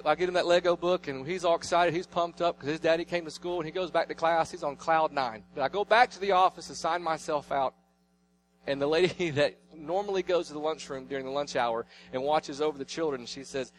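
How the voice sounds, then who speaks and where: A man in his thirties preaching a sermon, telling family stories and swinging between loud declarations and hushed asides. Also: on the high side, fairly quick, slight background noise. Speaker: pastor.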